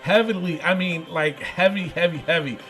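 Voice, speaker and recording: A man hosting a casual podcast, excitable and laughing often, repeating himself as he talks. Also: high-pitched, moderate pace, faint music behind, rough recording. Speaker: podcast host.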